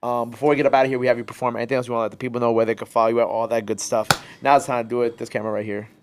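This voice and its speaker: A man's voice: medium pitch, level tone, very fast, background noise. A man hosting a casual hip hop interview, laid-back with slang like "word" and "fire". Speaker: interview host.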